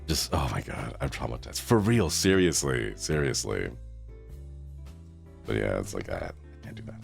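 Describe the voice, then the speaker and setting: A man in his thirties chats with his stream audience, answering chat with groans and laughs. His voice sits very low with a gravelly edge and swings up and down a lot. Faint music plays behind him. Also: sing-song, fairly quick. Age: 30s. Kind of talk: casual live-stream chat.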